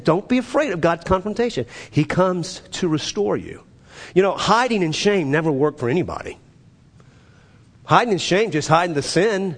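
A male pastor preaching a sermon, emphatic, swinging from urgent high peaks to low, quiet asides. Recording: long reverb of a large hall.

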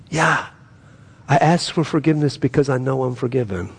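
A man with a gravelly, husky voice preaches as a pastor. He talks in an earnest, pleading way, and his emphasis swells through the prayers. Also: medium pitch, animated, moderate pace. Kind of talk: sermon and prayer.

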